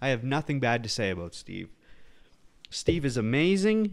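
A man riffing on a solo podcast in a sarcastic, rambling way, throwing in playful mock-serious asides. His pitch sits mid-range for a man, and the recording is close and dry with no room sound around it. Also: sing-song, normal speed, vocal fry, no room sound. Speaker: podcast host. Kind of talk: casual solo commentary on clips.

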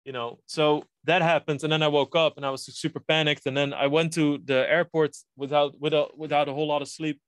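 A man's voice: a little high, level tone, fairly quick, few pauses, a bit bright, no echo. Casting: thirties guy, podcast guest, rambly storyteller, cursing, very dry close sound. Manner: rambling, frequent restarts and swearing. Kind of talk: casual storytelling.

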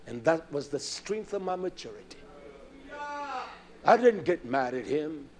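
A man in his fifties preaching a sermon, swinging between loud outbursts and quiet low asides. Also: big pitch swings, a little slow, long pauses. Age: 50s. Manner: impassioned, swinging from shouts to low murmurs.

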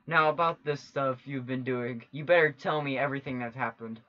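A man's voice: mid-range voice, fairly quick, natural voice. A man reading a stern young man who lectures his friend in a game. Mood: firm. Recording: dull lo-fi with faint game music.

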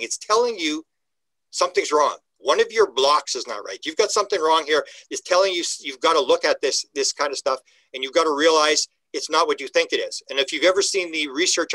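Older male interview guest: bright, forceful delivery, animated storytelling. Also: fairly high pitch, dry recording, poor audio. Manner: animated storyteller, acts out quoted dialogue, frequent restarts. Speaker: guest UFO researcher. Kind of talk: conversational podcast interview.

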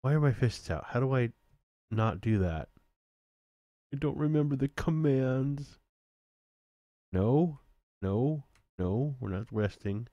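A man's voice: medium pitch, animated, takes it slowly, pauses often, warm tone, no echo, dull audio. A man casually commenting on his own game stream, laughing at himself as he goes. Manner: self-mocking, laughs at himself.

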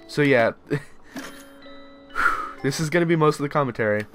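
A young man giving let's play commentary on a horror game, yelling, swearing and panicking in fright. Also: a little high, normal speed, long pauses, soft background music. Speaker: gamer.

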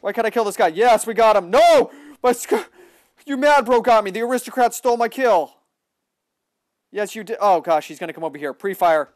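A young man giving excitable live commentary on a shooter game, often yelling at opponents. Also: sits high, brisk, dry recording, studio quality. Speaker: livestreaming gamer.

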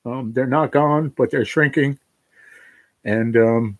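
A man talking to his livestream viewers, halting and emotional, choked up with tears of joy. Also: medium pitch, rough recording. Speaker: livestream host.

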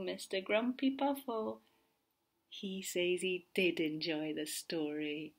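A woman teacher reading a picture book aloud to young children, slow and gentle, often dropping to a whisper. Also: lowish voice. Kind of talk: read-aloud storytelling for children.

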